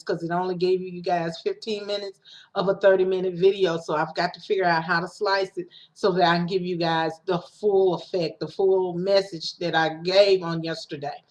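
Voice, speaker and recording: A woman giving a casual, self-recorded sermon, talking conversationally with restarts and acting out quoted lines. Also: lowish voice. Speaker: preacher. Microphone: home recording setup.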